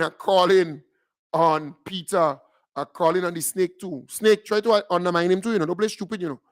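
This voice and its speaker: A man's voice: high-pitched, no echo, clean studio sound. A man with a Grenadian accent hosting a show, delivering a mocking political rant full of emphatic repetition.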